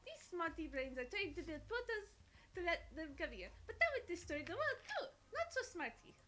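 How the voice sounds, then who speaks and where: A woman's voice: extremely high pitch, big pitch swings, moderate pace, bright, forceful tone, exaggerated voice. A young woman voicing a theatrical French woman who heads an occult school, with a put-on French accent and a playful, grand storytelling manner, reading game dialogue aloud. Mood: hammy.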